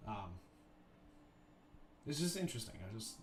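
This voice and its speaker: A man hosting a livestream, chatting casually and thinking out loud, restarting his sentences often. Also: fairly low pitch, a little hiss or hum. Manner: rambling, thoughtful, many restarts and fillers. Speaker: livestream host. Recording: roomy echo, faint music behind.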